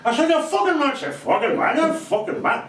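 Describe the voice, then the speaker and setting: A man's voice: very high-pitched, very animated, a little hiss or hum, full character voice. A man playing a foul-mouthed, aggressive heckler. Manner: swearing constantly, aggressive, rapid. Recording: roomy club from far off, loud audience.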